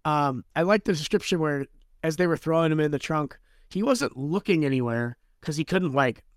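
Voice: moderate pace, no echo, studio quality. A podcast co-host recapping a book in a playful, jokey way. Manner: playful, jokey, swoops in pitch. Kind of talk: casual book podcast chat.

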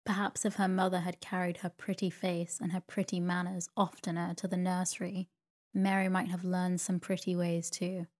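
A woman narrating a sleep story in a slow, soothing reading voice. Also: lowish voice, level tone, darkish tone.

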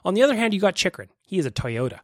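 A man hosting a casual sports podcast, animated and joking, swearing now and then. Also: high-pitched, racing, no echo, studio quality. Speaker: podcast host.

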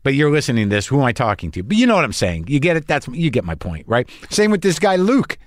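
A man's voice: mid-range voice, wildly swooping pitch, quick pace, dry recording, clean studio sound. A man in his fifties hosting a podcast, talking in a rambling, confessional monologue with a wry, self-questioning manner. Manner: self-questioning, wry, restless, circling back on himself. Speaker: podcast host and comedian.

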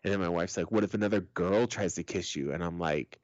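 Blunt low-voiced man, dull dry sound. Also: fairly quick, dry recording. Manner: blunt, joking storyteller, swears casually. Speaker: podcast co-host. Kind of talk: casual chat.

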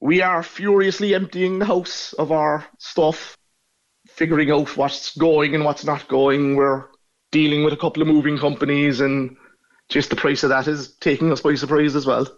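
A man in his forties from Ireland, with a northside Cork accent, calls in from abroad for a casual phone interview and tells stories frankly and easily. His voice is fairly high with a flat delivery at normal speed, and the sound is lo-fi.

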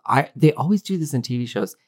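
A man co-hosting a casual film podcast, his voice rising and falling with lively inflection. He recaps scenes with wry, playful asides. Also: mid-range voice, fast. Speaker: podcast co-host.

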